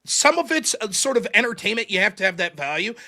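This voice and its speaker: High, bright-voiced ranting man. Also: very animated, fast talker. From United States. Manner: profane, ranting, mocking voices. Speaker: host. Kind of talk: casual call-in show chat.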